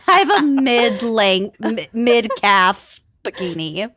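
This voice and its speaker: A woman's voice: a little high, no room sound. A woman co-hosting a podcast, giggling through casual chat. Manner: giggly, animated, drawn-out delivery. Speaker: podcast co-host.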